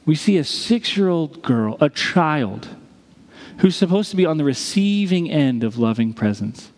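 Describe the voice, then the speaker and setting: A man preaching a sermon as a pastor, telling a story with dramatic pauses. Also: on the high side, big pitch swings, a little mellow, long reverb tail.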